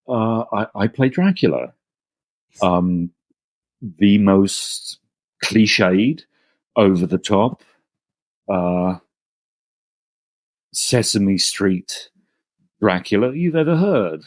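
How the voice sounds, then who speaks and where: A middle-aged man talking as a guest on a podcast, his voice sitting a bit low. He chats in a loose, self-deprecating way, looping back to restart his phrases. The sound is dry and close. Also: animated, very slow, long pauses, no room sound. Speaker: actor guest. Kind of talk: casual interview chat.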